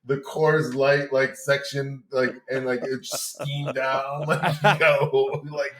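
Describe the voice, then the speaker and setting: A man with a New York accent, a podcast guest telling a story loudly and campily, laughing often. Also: medium pitch, fairly even intonation, slow, a crowd in the background. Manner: loud, campy, laughs often. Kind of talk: animated storytelling.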